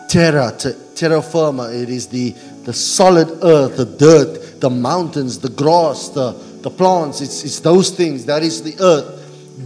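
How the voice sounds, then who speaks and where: Middle-aged male pastor, call-and-response sermon, slightly high voice, church hall echo. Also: animated, measured pace, a little mellow. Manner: call-and-response preaching, asks the congregation to finish verses. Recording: church hall reverb with music.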